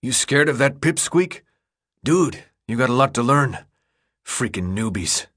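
A man's voice: medium pitch, expressive, unhurried, a bit bright. A man voicing a cocky, sarcastic teenage boy runner who talks in mocking, bossy slang.

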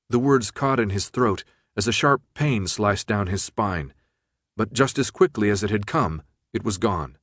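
Give me a man narrating an audiobook, lowish and steady, recorded dry. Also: no room sound. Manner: steady, measured storytelling. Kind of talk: scripted narration.

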